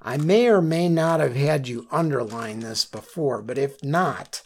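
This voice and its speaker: Man, Bible study teacher, slow unhurried delivery, gravelly voice, instructive, keeps checking in with "okay?". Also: medium pitch, lively intonation, a little mellow. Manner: has listeners underline and circle words.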